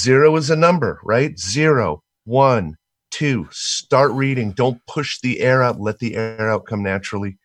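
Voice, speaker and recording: A man co-hosting a casual chat, coaching with animated, instructive demonstrations. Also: mid-range voice, measured pace, no echo. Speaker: co-host, voice coach.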